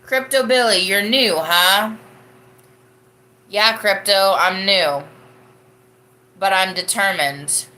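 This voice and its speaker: Bright-voiced chatty woman livestream host. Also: mid-range voice, slow, pauses often. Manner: chatty, rambling, laughs often. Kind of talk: casual chat reading live comments.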